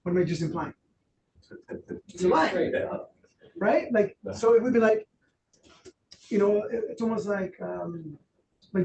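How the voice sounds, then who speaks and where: A man running a real estate training workshop, loose and animated, acting out quotes with plenty of fillers. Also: high-pitched, moderate pace, long pauses. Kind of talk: workshop talk. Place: training room. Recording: roomy, distant, faint noise.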